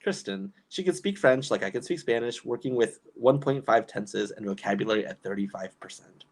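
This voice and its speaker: Chatty animated young man livestreaming. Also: on the low side, moderate pace, hardly any pauses, slightly rough. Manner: chatty, animated, lots of fillers and restarts. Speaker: YouTube commentary host. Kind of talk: casual livestream commentary, reading chat.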